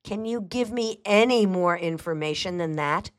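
A woman's voice: fairly low pitch, moderate pace, voice pushed up, natural voice. A woman reading a firm, insistent male lawyer. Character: brisk, confident male lawyer.

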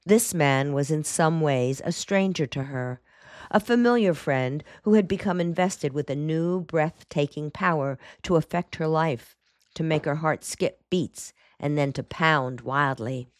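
Woman narrator, low voice, dry close studio sound, measured audiobook reading. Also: no echo. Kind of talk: scripted narration.

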